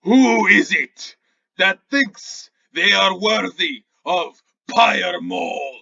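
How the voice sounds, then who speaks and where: A man voicing an ancient male dwarven spirit with a thick dwarvish accent, slow and loud. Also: gravelly, husky, dull audio, exaggerated voice. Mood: commanding. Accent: dwarvish fantasy accent. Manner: slow, booming and solemn.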